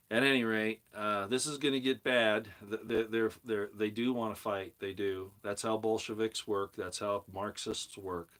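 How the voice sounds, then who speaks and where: A man's voice: on the low side, fairly bright tone. A middle-aged man hosting his own channel, delivering a heated, preachy monologue that leans on emphatic repetition. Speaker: commentary channel host. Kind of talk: opinionated monologue.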